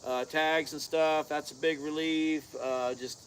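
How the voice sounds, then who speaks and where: A man's voice: on the high side, fairly even intonation, unhurried. A man co-hosting a casual live chat, talking in a folksy, rambling, drawling way. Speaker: co-host of a car-build channel. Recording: faint outdoor insect noise.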